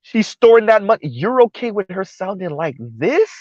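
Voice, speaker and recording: A man's voice: high voice, moderate pace, no echo, highs cut off. Incredulous man riffing on a live stream. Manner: animated, incredulous, repeats words and restarts often. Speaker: live-stream commentary host.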